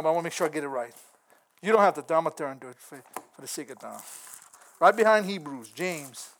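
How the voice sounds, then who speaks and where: A man with a high voice preaches in a folksy, earnest way. He is middle-aged and breaks into chuckles as he talks. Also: fairly bright tone. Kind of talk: sermon.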